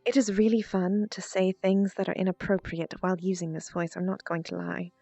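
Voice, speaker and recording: A woman doing a calm, seductive posh librarian. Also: fairly low pitch, fairly quick, vocal fry, husky, no room sound, lo-fi sound, faint music behind. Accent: put-on posh English. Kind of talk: in-character VR role-play.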